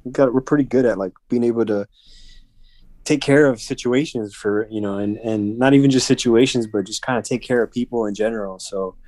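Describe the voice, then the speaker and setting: Halting male guest, mid-pitched. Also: darkish tone, no echo. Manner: halting, with many restarts. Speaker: event organizer guest. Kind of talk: casual chat.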